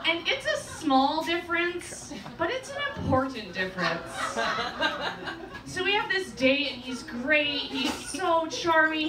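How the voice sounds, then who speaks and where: A high-pitched woman comedian tells a story on stage, animated and self-deprecating, with quick asides. She is picked up from a distance in an echoey club, and there is steady noise underneath. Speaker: stand-up comedian.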